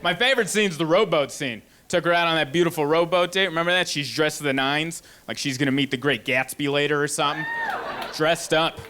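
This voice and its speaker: A male stand-up comedian on a club stage, acting out loud arguments with his partner. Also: fairly high pitch, a little fast. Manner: animated, acts out shouting arguments with his partner. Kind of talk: stand-up routine. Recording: loud crowd and noise. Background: audience laughter.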